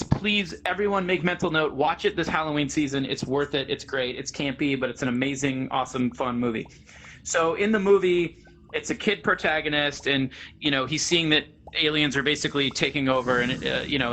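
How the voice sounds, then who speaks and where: A man in his thirties telling stories in casual chat, animated and rambling, laughing often. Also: mid-range voice, brisk, slight background noise, rough recording. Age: 30s. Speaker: guest.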